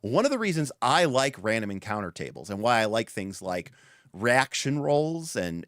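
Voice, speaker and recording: A man hosting a livestream in casual chat. He talks in an animated, rambling way full of restarts and fillers. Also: lowish voice, no echo, studio quality. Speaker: livestream host.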